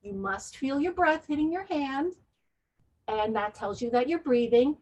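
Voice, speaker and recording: A woman presenting as a laughter yoga instructor, calmly explaining the health benefits of laughter and leading breathing and forced laughter exercises. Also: sits high, a little slow. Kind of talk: guided wellness presentation.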